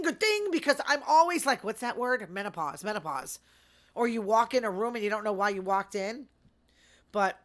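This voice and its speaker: A middle-aged woman hosting her own show, chatting in a rambling, sarcastic way and talking fast. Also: fairly high pitch, fairly bright tone. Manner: fast talker. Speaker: podcast host. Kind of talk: casual solo commentary.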